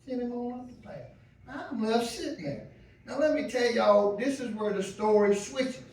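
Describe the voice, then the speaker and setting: A first-time comedian telling a story on stage, animated and colloquial, laughing as he goes. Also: very high-pitched, moderate pace, a little hiss or hum. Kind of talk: stand-up storytelling. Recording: echoey club from far off.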